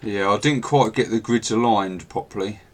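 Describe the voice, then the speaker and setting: A man running a tabletop role-playing game as game master over a video call, describing scenes in a relaxed, self-deprecating way with filler pauses. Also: lowish voice.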